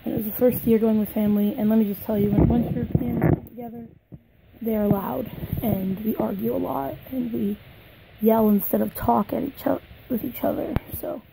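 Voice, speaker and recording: A young woman vlogging an unboxing in a casual, gushing way, her voice a little hoarse, sometimes dropping to soft whispers. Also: a little high, steady tone, brisk, noisy background.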